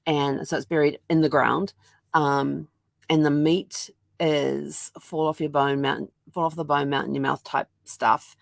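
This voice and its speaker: A woman with a New Zealand accent talks casually in a daily vlog, rambling with many ums. Her voice sits low. The sound is dry and close. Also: flat delivery, measured pace, creaky, no room sound. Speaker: vlogger. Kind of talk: casual chat. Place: at home with her dog.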